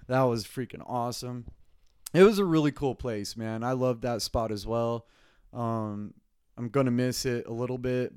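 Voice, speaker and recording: A man's voice: medium pitch, darkish tone, clear, resonant tone, no echo, studio quality. A man hosting his own podcast, rambling in a casual solo monologue, swearing freely and laughing often. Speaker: podcast host. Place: home recording space.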